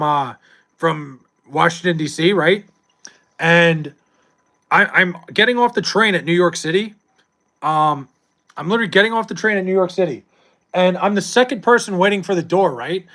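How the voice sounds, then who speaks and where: A man's voice: high-pitched, fairly bright tone. A young adult man streaming live, chatting casually with viewers and reading chat, loose and profane with frequent laughs.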